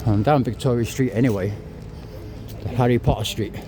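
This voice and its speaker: Man, 50s, walking vlogger, winded, chatty and sweary, mid-pitched, clip-on mic with street noise behind. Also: a little fast. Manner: chatty, rambling, swears and apologizes. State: out of breath. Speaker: travel vlogger. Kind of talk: casual walking vlog. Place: city streets outdoors. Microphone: clip-on mic to phone.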